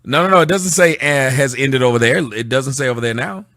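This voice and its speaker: A man runs a casual livestream, talking straight to his viewers. His tone is sarcastic and mocking, and his voice comes through bright and forceful. The sound is dry and close, with no room echo. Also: mid-range voice, brisk. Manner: reads out and answers viewer comments. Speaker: livestream host. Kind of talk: casual livestream rant to chat.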